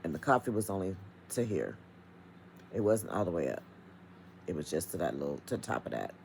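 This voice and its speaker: A woman's voice: extremely low pitch, big pitch swings, a little fast, gravelly, darkish tone, slight background noise, low-quality recording. A middle-aged woman vlogging from home, talking straight to her viewers in an emphatic, chatty rant. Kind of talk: casual vlog rant.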